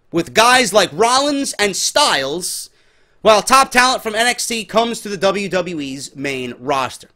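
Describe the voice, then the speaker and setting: New york guy ranting hard, swears a lot, pitch all over the place. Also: sharp tone. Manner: profane, heated, emphatic ranting. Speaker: wrestling commentary vlogger. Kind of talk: ranting solo commentary.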